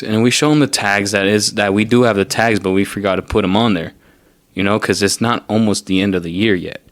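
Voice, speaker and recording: A man's voice: lowish voice, fairly even intonation, brisk, dry recording. A young man hosting a podcast, telling a story in a casual, profane and exasperated rant. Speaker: podcast host. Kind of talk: casual ranting monologue.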